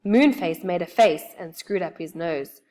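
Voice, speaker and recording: A woman reading a children's storybook aloud with expressive, lively storytelling. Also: lowish voice, unhurried.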